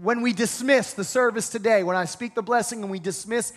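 High-voiced pastor preaching in a reverberant hall. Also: male voice, fairly quick. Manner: energetic preaching with rhetorical questions and call-and-response. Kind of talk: sermon. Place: church hall.

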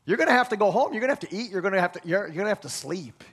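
A man preaching a sermon, retelling a scripture story with lively acted-out quotes and frequent restarts. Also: high-pitched, racing, slightly rough. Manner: animated storytelling, acts out quoted voices, many restarts.

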